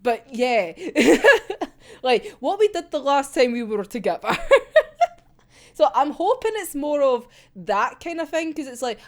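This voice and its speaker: Young woman fan reviewer, high and bouncy voice, gushing, swears freely, laughs a lot. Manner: excitable, sweary, laughs often. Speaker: manga reaction vlogger. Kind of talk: casual chat reviewing a comic chapter.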